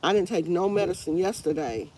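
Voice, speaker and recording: A woman's voice: on the low side, a little fast, darkish tone, a little hiss or hum. A woman hosting a casual livestream, congested with a stuffy nose, rambling in a tired, fed-up way. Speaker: livestream host. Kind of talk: casual live chat with viewers.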